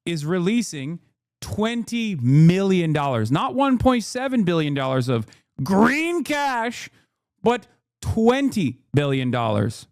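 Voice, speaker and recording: A man's voice: high voice, big pitch swings, takes it slowly, dry recording, clean studio sound. A man in his thirties streaming political commentary, sarcastic and profane, mocking as he reacts to the news.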